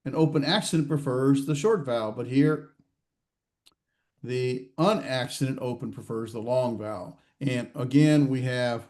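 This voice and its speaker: A man teaching a grammar class, quizzing students and talking haltingly with many fillers and restarts. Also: mid-range voice, a little mellow. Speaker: Hebrew grammar instructor. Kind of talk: classroom lecture with student questions. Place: classroom or online class session.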